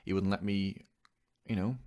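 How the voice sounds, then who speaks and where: A young man speaking in a hesitant, halting way, with many pauses and restarts, in a personal confessional monologue. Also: deep voice, little pitch movement, mellow. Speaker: vlogger.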